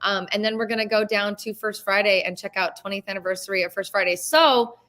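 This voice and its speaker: Woman, real estate host, casual chat, animated, emotional, swears casually. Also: mid-range voice, brisk. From Las Vegas.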